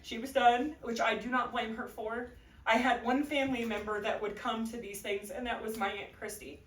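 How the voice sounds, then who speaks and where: High-voiced woman giving a testimony. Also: fairly even intonation, moderate pace, a bit bright. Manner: earnest, tearful at times, laughing between phrases. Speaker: church member giving a testimony. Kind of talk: emotional personal testimony. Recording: echoey room, voice from a distance.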